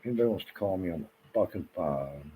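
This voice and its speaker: Very deep-voiced agitated rambling man. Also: lively intonation, quick pace, mellow, a little hiss or hum, rough recording. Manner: restless, repeats himself, swears often. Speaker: vlogger. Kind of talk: rambling agitated monologue to camera.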